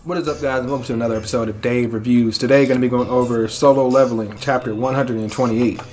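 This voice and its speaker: A man hosting a manga reaction show, talking casually and excitably, swearing freely and breaking into shouted exclamations. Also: mid-range voice, quick pace, soft background music.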